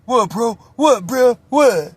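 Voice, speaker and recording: A man voicing a blustering adult male inmate who talks tough and then quickly backs down. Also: lively intonation, breathy edge, no room sound, heavily acted. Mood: challenging. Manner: high, defensive, quick backpedaling.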